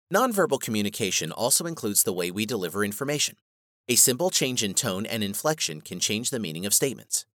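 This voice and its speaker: Lively low-voiced man narrating a lesson. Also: no room sound, studio quality. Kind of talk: scripted instructional narration.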